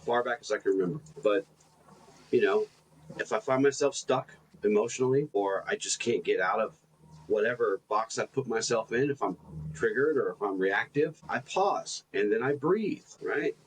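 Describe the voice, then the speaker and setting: A man co-hosting a podcast in casual reflective chat, animated and self-deprecating in his stories, often repeating his words. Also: lowish voice, moderate pace, slight background noise, low-quality recording. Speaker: podcast co-host.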